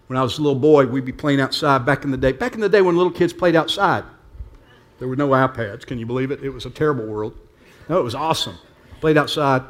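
A pastor preaching a sermon to his church, talking plainly and swinging between hushed asides and emphatic points. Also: mid-range voice, quick pace.

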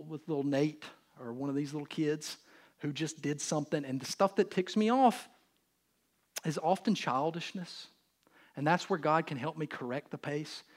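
A man in his thirties preaching a sermon in church, earnest and animated as he speaks directly to the congregation. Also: fairly high pitch, moderate pace. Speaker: pastor.

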